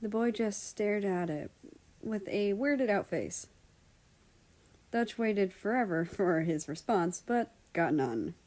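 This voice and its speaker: A woman reading fan fiction aloud as a storyteller, with an even narrating manner. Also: mid-range voice, slow, low-quality recording. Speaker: story reader.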